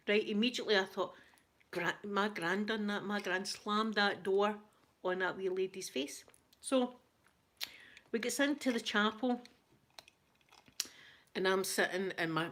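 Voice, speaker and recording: A Scottish woman hosting her channel, telling a story in casual, animated chat. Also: mid-range voice. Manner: chatty, animated anecdote telling. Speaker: ASMR channel host.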